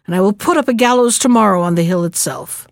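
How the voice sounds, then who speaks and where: A woman's voice: mid-range voice, fast, no room sound, studio quality, close to an everyday voice. A woman voicing a proud, scheming male sultan in a storybook reading, with a commanding, self-satisfied manner.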